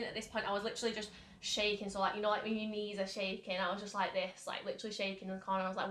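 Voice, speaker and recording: A woman's voice: medium pitch, level tone, racing, a bit bright. A young woman from the UK candidly recounting a personal story, rambling with many fillers. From United Kingdom. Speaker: mental health vlogger. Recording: roomy echo.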